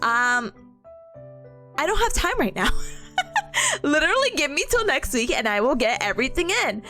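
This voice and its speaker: A young woman with a high, bouncy voice that swoops up and down, chatting and storytelling on a livestream. She acts out quoted voices and laughs often, with faint music playing underneath. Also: huge pitch swings, moderate pace, bright, forceful tone. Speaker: streamer. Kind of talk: casual chat stream.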